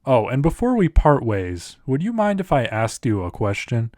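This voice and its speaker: A man's voice: mid-range voice, huge pitch swings, normal speed, a little mellow, no room sound, clean studio sound. A man voicing a pompous, formal elderly British statesman who talks down to people. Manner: formal and condescending.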